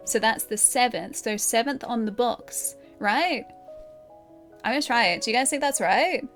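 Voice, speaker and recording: A woman's voice: on the high side, expressive, moderate pace, fairly bright tone, faint music behind. An Australian woman streaming live, casually thinking aloud and chatting with her viewers.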